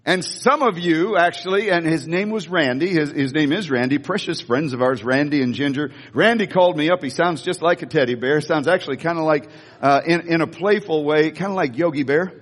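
A male pastor giving a lively sermon, telling stories and joking with the congregation. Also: fairly high pitch, fairly quick. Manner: animated storytelling with audience asides. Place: church hall. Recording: hall reverb.

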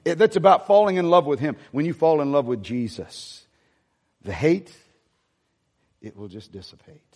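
Pastor preaching in a reverberant hall. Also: male voice, on the high side, very animated, normal speed, darkish tone. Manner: storytelling, dropping to near-whispers and rising to emphatic peaks. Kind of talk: sermon.

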